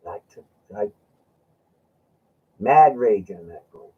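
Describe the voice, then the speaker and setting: A man's voice: on the low side, expressive, slow pace, husky. A man hosting a casual chat, telling rambling stories with laughs and acting out what his friend said. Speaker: host. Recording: dull lo-fi sound.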